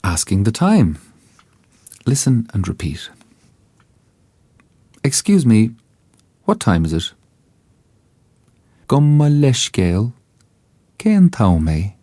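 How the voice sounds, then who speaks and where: Slow, deep-voiced Irish male tutor. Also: sing-song, warm tone, husky, dry recording. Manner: slow, careful enunciation for repetition. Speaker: language teacher. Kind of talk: scripted language lesson narration.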